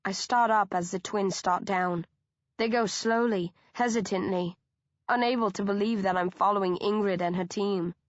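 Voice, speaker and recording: A woman narrating a first-person audiobook in a lively way, acting out and shouting the characters' lines. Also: mid-range voice, moderate pace, no echo, dull audio.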